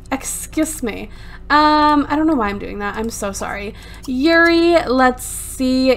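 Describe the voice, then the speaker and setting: High-voiced woman, exasperated gameplay chatter. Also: fairly bright tone. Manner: exasperated, swears freely, laughs often. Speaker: let's play gamer. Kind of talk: casual gameplay commentary. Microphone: desktop USB microphone.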